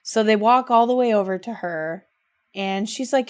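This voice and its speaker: Her voice is a little high and clean-toned, moving at a normal pace. As a young adult podcast co-host, she gushes emotionally over a video game recap, scattering "like" and "rad" and other filler words throughout.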